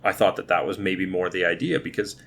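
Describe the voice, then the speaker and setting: A man's voice: sits low, steady tone, a little fast, vocal fry, a bit bright. A man in his thirties co-hosting a podcast, chatting casually and restarting his words as he thinks. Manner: talkative, repeats words while thinking. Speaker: podcast co-host. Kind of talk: casual movie review chat.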